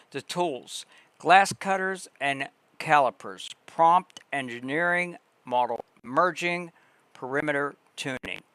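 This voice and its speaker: Slow, deliberate male livestream host. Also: a little high, sharp tone, clean tone, no room sound. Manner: slow, deliberate reading with pauses and restarts. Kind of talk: reading text aloud on a livestream.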